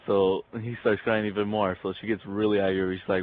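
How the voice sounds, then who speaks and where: A man's voice: on the low side, fairly even intonation, fairly quick, few pauses, low-quality recording. A young man casually telling crude jokes, rambling and laughing at his own punchlines. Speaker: joke teller.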